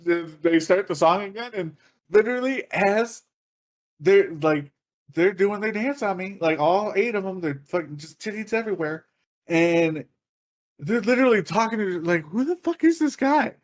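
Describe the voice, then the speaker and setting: A man co-hosting a casual podcast, telling a wild story with lots of swearing and bursts of laughter. His voice sits a bit high for a man, and he jumps into other people's voices as he goes. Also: moderate pace. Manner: animated, profane, laughing, acts out voices. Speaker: podcast co-host.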